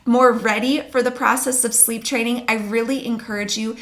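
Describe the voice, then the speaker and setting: A young adult woman who works as a sleep consultant speaks to camera in a talking-head advice video, offering earnest, reassuring parenting tips. Her voice sits on the high side with a steady tone, a slightly bright quality, and a normal speaking speed.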